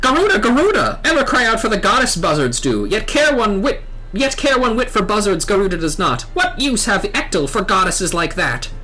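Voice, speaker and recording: A woman's voice: mid-range voice, very animated, normal speed, bright, forceful tone. A woman voicing surly male bird-man tribesmen who squawk, threaten, and speak in backwards word order. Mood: grumbling.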